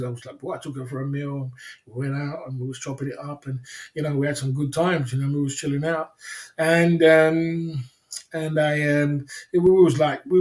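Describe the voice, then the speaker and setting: A man telling a rambling, slangy story on a livestream. He repeats himself and laughs often. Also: a little high. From England. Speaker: livestream host.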